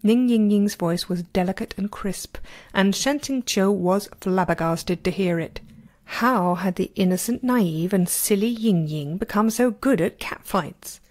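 A woman narrating a novel as an amateur audiobook reader, with expressive, varied pacing. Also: medium pitch, a little slow.

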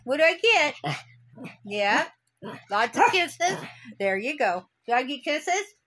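A woman who owns dogs, talking to them in teasing, sing-song baby talk at home, with loud barking behind. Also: sits high, sing-song, takes it slowly, heavy background noise. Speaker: dog owner.

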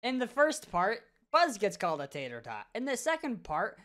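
A woman's voice: fairly high pitch, huge pitch swings, moderate pace, background noise. A woman hosting a casual reaction video, giggly and slangy as she talks over clips. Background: video clip audio and music.

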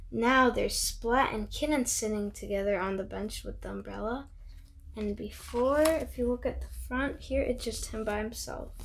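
Woman host, kids' book read-aloud, bubbly and chatty, slightly higher voice. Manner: bubbly, chatty, reacts to the pictures. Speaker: host reading picture books aloud.

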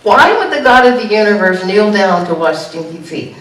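A woman pastor giving an animated sermon, jumping to high exclamations now and then. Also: normal speed. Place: church sanctuary. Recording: echoey church room heard from a distance.

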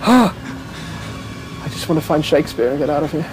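A man's voice: on the high side, animated, measured pace, over loud music. A man commentating a horror game, jumpy, swearing a lot and laughing nervously. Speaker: gamer.

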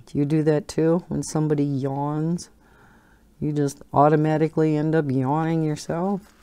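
A woman's voice: low voice, little pitch movement, normal speed, dark tone, clean tone. A woman hosting a coloring channel, chatting casually and rambling, often breaking into laughter. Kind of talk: casual chat while coloring.

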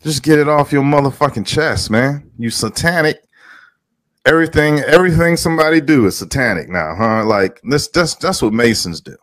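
A man's voice: medium pitch, animated, moderate pace, a bit bright, dry recording, studio quality. A man doing heated, profane ranting commentary, emphatic and repetitive, greeting his viewers as he goes. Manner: heated, emphatic, swears a lot, repeats himself. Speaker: vlogger.

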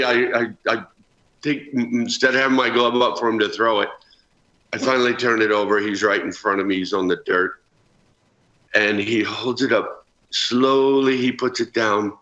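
Man, 60s, news guest storyteller; roomy remote audio. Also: medium pitch. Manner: earnest, animated storytelling. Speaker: former ballplayer guest. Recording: roomy, dull remote feed.

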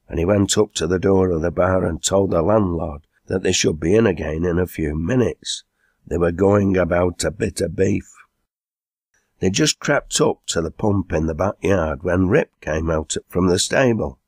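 A man reads a story aloud in a deep, gravelly voice. His tone is husky, and the recording is close and dry. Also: normal speed, darkish tone, no echo. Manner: reads character lines in broad dialect. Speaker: audiobook narrator. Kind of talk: scripted narration of a dialect story.

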